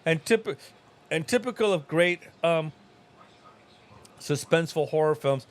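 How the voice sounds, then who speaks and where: A man's voice: a little high, animated, measured pace. A middle-aged man co-hosting a casual movie watch-along, rambling through film trivia and laughing often. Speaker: podcast co-host.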